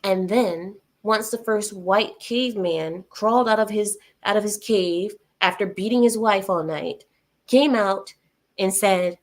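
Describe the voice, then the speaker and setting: Woman, livestream host, casual chat, sarcastic, laughs often, reads viewer comments, mid-pitched voice. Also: measured pace.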